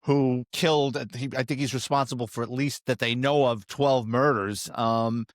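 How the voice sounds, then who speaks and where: A man's voice: mid-range voice, fairly even intonation, normal speed, dry recording, clean studio sound. A man from law enforcement in a casual podcast conversation, talking plainly and leading into a question.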